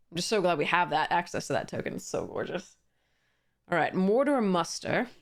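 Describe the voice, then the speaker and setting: A woman's voice: on the low side, vocal fry. A young woman chatting casually as she opens card packs, reading card text aloud with frequent fillers and small laughs. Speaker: card game YouTuber. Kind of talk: casual pack-opening commentary.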